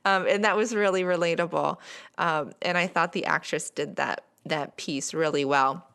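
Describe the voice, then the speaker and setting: A woman's voice: low-pitched, normal speed, gravelly, fairly bright tone, clean tone. A young adult woman giving casual podcast commentary, chatty and filled with "um" and "like".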